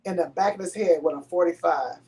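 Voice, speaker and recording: A woman's voice: fairly low pitch, brisk, a little mellow, breathy edge. Brief: middle-aged woman, emotional storytelling, dramatic delivery with acted quotes. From Houston, Texas. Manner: dramatic, acts out pleading and quotes with big swings. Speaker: guest telling a personal story.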